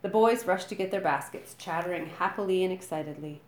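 A woman reading a storybook aloud in a lively, expressive way. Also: fairly low pitch, brisk. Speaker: narrator. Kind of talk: storybook narration. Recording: roomy echo.

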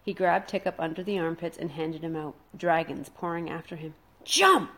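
A woman reading a children's adventure story aloud, dramatic and slowing down for suspense. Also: low voice, little pitch movement. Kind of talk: expressive storybook read-aloud.

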